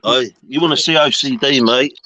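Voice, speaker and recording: A man's voice: mid-range voice, moderate pace, a crowd in the background. A man with an Essex accent joking around in a casual video-call chat, swearing freely.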